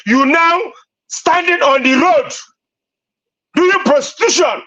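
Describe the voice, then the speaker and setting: High-pitched ranting Nigerian man. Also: a little slow, sharp tone, poor audio. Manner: ranting, insistent, repeats himself. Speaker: panelist on a live stream. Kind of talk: heated debate.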